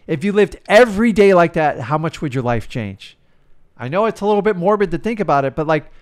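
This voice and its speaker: A middle-aged man, a real estate coach, giving an emphatic motivational talk that often repeats itself. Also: high-pitched. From United States. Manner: emphatic, preachy, repeats himself.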